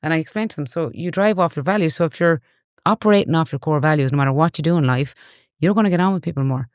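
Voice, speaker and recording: A woman's voice: low voice, lively intonation, rapid-fire, darkish tone, no room sound, clean studio sound. A woman in her forties with a Galway Irish accent, a guest in an interview who tells stories in an earnest, chatty way. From Ireland. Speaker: guest, online safety educator. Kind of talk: casual interview chat.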